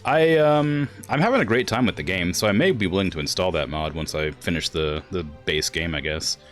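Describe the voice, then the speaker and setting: A young man with a very deep voice chats casually while streaming a game. He thinks aloud, trails off into fillers and chuckles, with faint game music underneath. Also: lively intonation, brisk. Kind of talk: casual gameplay chat.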